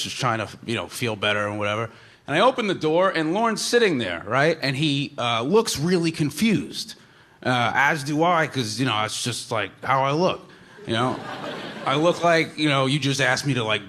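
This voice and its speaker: A rambling man with a bright voice. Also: mid-range voice, expressive, normal speed, slight background noise. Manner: rambling, fillers like "like" and "you know", chuckling. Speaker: comedian telling a story. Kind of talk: casual storytelling.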